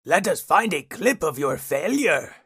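A man doing a pompous gravelly dragon steed. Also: on the high side, sing-song, a little slow, fairly bright tone, no room sound, clean studio sound, full character voice. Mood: haughty. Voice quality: formal, pompous phrasing. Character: proud grandiose male dragon-unicorn steed. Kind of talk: comedic audio story acting.

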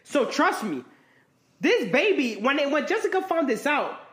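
A co-host in a casual chat who chimes in and backs up the story, retelling parts of it. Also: male voice, extremely high pitch, sing-song, normal speed, fairly bright tone, echoey room. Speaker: podcast co-host.

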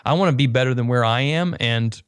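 A man's voice: mid-range voice, fairly quick, clean tone, no room sound, studio quality. A man speaking as a podcast guest, telling his business story earnestly with frequent restarts. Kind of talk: casual podcast conversation.

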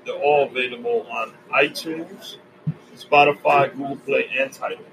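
A man's voice: medium pitch, normal speed, creaky, fairly bright tone, slight background noise, poor audio. Upbeat male podcast host wrapping up. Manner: upbeat, giving advice and listing plugs. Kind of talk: podcast sign-off.

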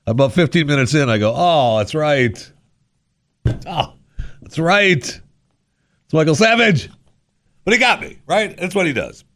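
A man's voice: on the high side, animated, moderate pace, pauses often, a bit bright, dry recording. A man hosting a radio talk show, rambling on in a sarcastic, jokey monologue from a studio microphone.

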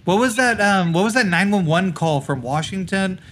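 A man's voice: sits high, expressive, moderate pace, a bit bright, a little hiss or hum. A man co-hosting a podcast, making crude jokes and swearing freely. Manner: crude, jokey, profane. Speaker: podcast co-host. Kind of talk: casual chat.

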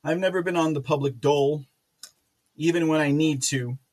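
A man hosting a casual political commentary livestream, rambling with many fillers and restarts, with sarcastic asides and loud laughs. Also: fairly high pitch, steady tone, moderate pace. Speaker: podcast host.

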